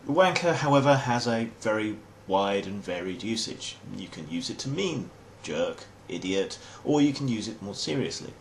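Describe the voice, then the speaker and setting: A low-voiced English man delivering a comic explainer in a dry, mock-formal way. His pitch leaps around with lively swings. There is a faint hum behind him. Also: normal speed, few pauses. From England. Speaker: host.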